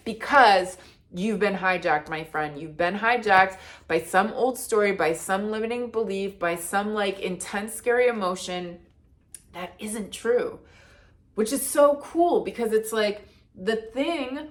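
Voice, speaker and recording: A woman's voice: mid-range voice, slow pace. A woman giving a casual, intuitive card reading, talking in a chatty, earnest way with lots of "like" and restarts. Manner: chatty and earnest, heavy use of "like". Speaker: card reader and deck creator.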